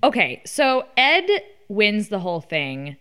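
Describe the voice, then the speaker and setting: Smooth-voiced woman hosting a chat. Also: mid-range voice, very animated, takes it slowly, bright, forceful tone. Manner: conversational, teasing questions. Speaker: podcast host. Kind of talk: casual interview chat.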